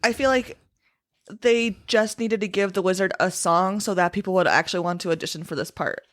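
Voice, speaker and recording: A woman's voice: medium pitch, fairly quick, a bit bright. A young woman guest on a podcast, chatting casually with dramatic asides. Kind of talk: casual chat.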